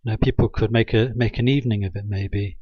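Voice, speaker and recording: A man's voice: lowish voice, fairly even intonation, quick pace, breathy edge, no room sound, highs cut off. A man rambling through a satirical monologue, sarcastic and hesitant, with many ums. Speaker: video maker.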